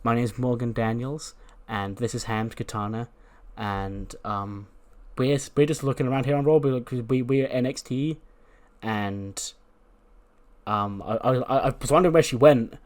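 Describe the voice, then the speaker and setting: A man's voice: medium pitch, measured pace, a little mellow, natural voice. A man voicing a flustered young female wrestler who apologizes and rambles. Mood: apologetic.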